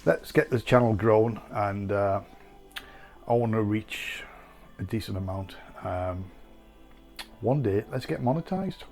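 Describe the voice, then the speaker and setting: A man's voice: fairly low pitch, slow, long pauses, a little mellow, soft background music. Chatty rambling man vlogging. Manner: chatty and rambling, with many fillers. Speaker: food vlogger. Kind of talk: casual vlog taste test.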